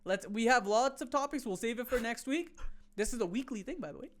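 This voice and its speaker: A woman's voice: fairly high pitch, expressive, brisk. A woman comedian hosting a casual podcast, spinning playful hypothetical bits. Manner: playful storyteller, building bits.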